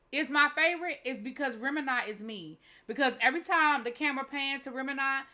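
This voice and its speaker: A young woman with a bright, forceful voice, chatting candidly through a reality-TV recap. She talks loosely and informally, often restarting her sentences, and sits a little above the usual pitch for a woman. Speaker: TV show reviewer. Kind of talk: casual reality-TV recap commentary.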